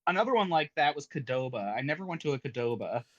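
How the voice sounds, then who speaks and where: Brief: male podcast guest, expressive pitch, dry sound, wry. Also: a little fast, no echo, lo-fi sound. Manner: lively, wry short interjections. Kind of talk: casual chat.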